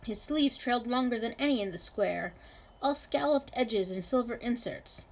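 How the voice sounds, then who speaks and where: A woman reading a novel aloud in a measured, expressive way. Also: fairly high pitch, low-quality recording. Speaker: reader.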